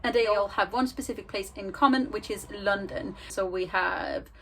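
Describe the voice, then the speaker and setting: A woman's voice: medium pitch, normal speed, a bit bright, slight background noise, rough recording. A young woman in a casual reading vlog, talking chattily and with self-mocking humor from home into a handheld camera. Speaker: book vlogger.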